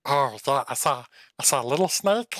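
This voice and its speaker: A man voicing a small, excitable fox companion who gushes and rambles, in a tabletop game. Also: mid-range voice, moderate pace, dry recording, close to an everyday voice. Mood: rambling. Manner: gushing, rambling, easily delighted.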